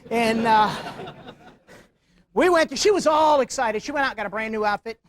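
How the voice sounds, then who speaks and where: A middle-aged man giving a security awareness talk with humor to a live audience, animated, telling stories and tossing rhetorical questions at the crowd. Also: very high-pitched, normal speed, dry recording. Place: meeting room before live audience.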